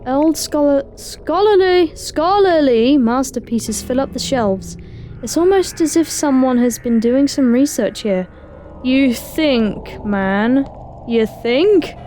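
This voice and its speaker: A woman's voice: high voice, lively intonation, a little slow, dark tone, a little hiss or hum. A woman giving casual gameplay commentary, reading in-game text aloud and adding wry, sarcastic asides to herself. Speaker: let's play gamer.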